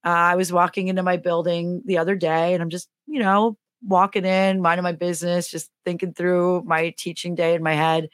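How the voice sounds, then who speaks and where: Middle-aged woman with a slightly low voice who tells stories casually and acts out the voices; dry, close recording. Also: flat delivery, normal speed, hardly any pauses, no room sound. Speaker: podcast co-host. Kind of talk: casual comedic storytelling.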